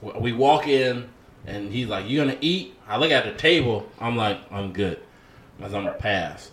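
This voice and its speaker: A man's voice: mid-range voice, expressive, normal speed, fairly bright tone. A man in casual chat, telling a story in a laid-back way and quoting others. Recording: echoey room.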